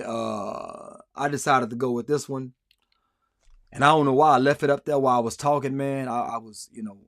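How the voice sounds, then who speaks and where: A man hosting a live stream, rambling through sarcastic commentary and answering comments from the chat. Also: medium pitch. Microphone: streaming mic.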